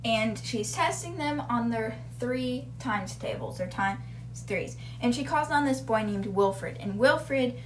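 A woman with a fairly high voice retells a children's book in a loose, chatty way. She keeps saying "like" as she goes, a podcast storyteller rather than a formal reader. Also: lively intonation, takes it slowly, slight background noise. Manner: chatty, uses "like" a lot.

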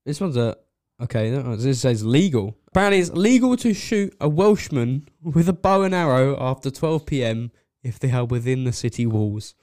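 A man's voice: medium pitch, expressive, normal speed, few pauses, darkish tone, no room sound, studio quality. A young man co-hosting a podcast, chatting in a giggly, teasing way. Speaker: podcast co-host. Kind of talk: casual chat.

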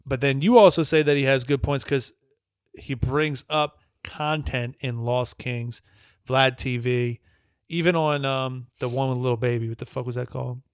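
A man co-hosts a casual music podcast, talking bluntly and cursing freely as he rates records. His voice sits at an ordinary middle pitch. It is recorded dry and close, with no room sound at all. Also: fairly even intonation, moderate pace, smooth, dry recording. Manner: blunt, swears freely, teasing. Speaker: podcast co-host. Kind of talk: casual album review chat.

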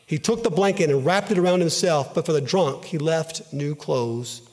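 A man's voice: on the high side, darkish tone. Earnest male storyteller in a reverberant hall. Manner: earnest, emotive, measured. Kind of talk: dramatic story reading.

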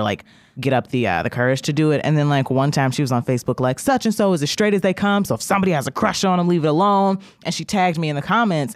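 A young woman appearing as a podcast guest tells a long story in casual conversation, animated and swearing freely, and she acts out the people she quotes. Her voice is low, and there is no echo.

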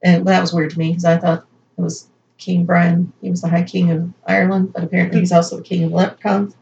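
A woman on a casual podcast, reading from her notes and breaking off into quick asides. She plays with emphasis as she goes, and the recording is slightly muffled with a faint hiss behind her. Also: fairly low pitch, little pitch movement, gravelly, a little mellow. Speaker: podcast co-host.

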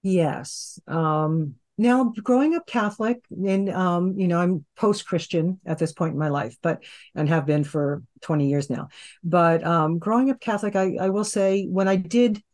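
A woman's voice: lowish voice, unhurried, darkish tone. Rambling woman telling a personal story. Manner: rambling, with restarts and "you know". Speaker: guest hypnotherapist. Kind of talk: casual conversational storytelling.

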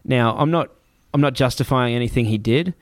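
A man's voice: medium pitch, brisk, dry recording. Male guest, young adult, casual storyteller, dry close mic. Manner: animated retelling, acts out the voices in his story.

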